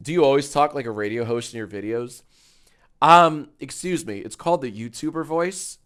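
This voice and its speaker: A man's voice: medium pitch, moderate pace, a bit bright. A man chatting casually on a livestream, joking and riffing on messages from chat. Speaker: streamer.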